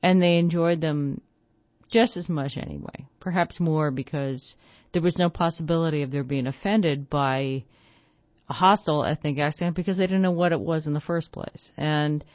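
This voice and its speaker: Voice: medium pitch, fairly even intonation, moderate pace, no echo. Digressive American radio host, dry and dull-sounding. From United States. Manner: digressive, thinks aloud with many asides. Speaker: radio host and record presenter. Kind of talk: on-air radio conversation.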